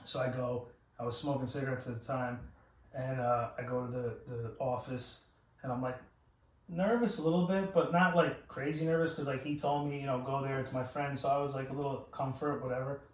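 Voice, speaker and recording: A man's voice: mid-range voice, fairly even intonation, brisk, reverberant, distant mic. A man telling a long story in casual, profane chat, with many restarts and acted-out quotes. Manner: profane, rambling, full of restarts and quoted voices. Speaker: podcast host.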